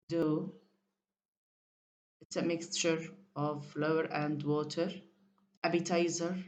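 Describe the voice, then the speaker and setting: A woman's voice: low voice, darkish tone, lo-fi sound, a little hiss or hum. A woman teaching an English vocabulary lesson, reading definitions aloud and drilling pronunciation.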